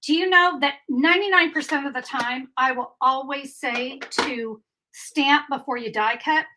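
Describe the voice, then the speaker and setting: A woman's voice: high voice, measured pace, noisy background. A middle-aged woman giving a chatty, upbeat live card-making tutorial and answering viewer comments as she goes.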